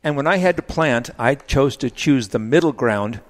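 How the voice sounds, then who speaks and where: A man talking casually on a podcast as a grape grower, with an ordinary mid-range voice. He explains things in a measured, unhurried way with a touch of self-deprecation. His pitch moves around a lot as he talks. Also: lively intonation. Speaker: vineyard owner and grape grower.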